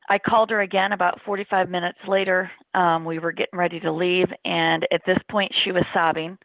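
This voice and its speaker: A middle-aged woman recounts her story as an interview guest, speaking earnestly and plainly, often in the present tense. Her voice sits low. The sound is dry and narrow, like a phone line. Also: level tone, brisk, few pauses, no room sound. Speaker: interview guest, bereaved mother. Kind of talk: personal account in an interview.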